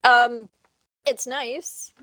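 A woman's voice: on the high side, level tone, drawn-out words, bright, forceful tone, poor audio. Chatty Canadian woman co-host. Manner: chatty, laughs often. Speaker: podcast co-host. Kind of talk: casual chat.

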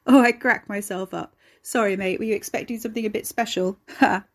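A gruff monster bloke, gleeful and mocking, voice a touch raised and pushed, low and husky underneath, as a woman reader puts him on for a storybook. a nasty creature enjoying his cruelty. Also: fairly quick, darkish tone. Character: menacing tendrilled creature man, gleeful and crude.

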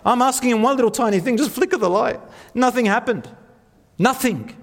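A man putting on the voice of a disappointed young man, pitching it high and exasperated while retelling a story, in a reverberant hall. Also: a little fast.

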